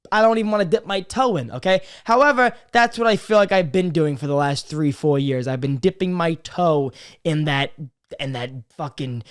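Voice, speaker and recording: A man's voice: a little high, clean tone. Crude, swearing young man vlogging. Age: 20s. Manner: crude, swearing, jumps between loud jokey greetings and quiet serious talk. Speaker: podcast host. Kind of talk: casual confessional vlog monologue.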